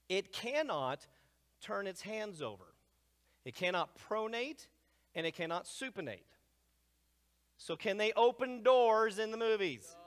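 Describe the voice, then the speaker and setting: A man lecturing a live crowd, his voice sitting a little high and full of energy as he swings from loud bursts to near-whispers. The sound hangs in the long reverb of a large hall. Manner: energetic, swings between loud asides and hushed remarks. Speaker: speaker presenting to a live audience. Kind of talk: animated lecture.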